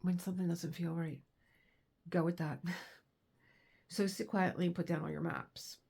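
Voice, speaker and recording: Husky chatty woman, low voice. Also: steady tone, normal speed, darkish tone. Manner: rambling, chatty, laughs often. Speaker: crafting vlogger. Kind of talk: casual chat with reading.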